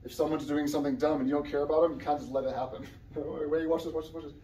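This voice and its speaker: A young adult man, a guest preacher, giving a casual, conversational sermon with sudden loud outbursts. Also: on the high side, level tone, quick pace, slight background noise. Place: church sanctuary. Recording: echoey church room, somewhat far from the mic.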